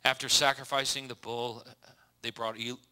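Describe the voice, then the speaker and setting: Folksy male pastor, bright voice. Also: medium pitch, level tone, normal speed, clean tone. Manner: folksy, joking, with slips and restarts. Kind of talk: casual sermon with Bible reading.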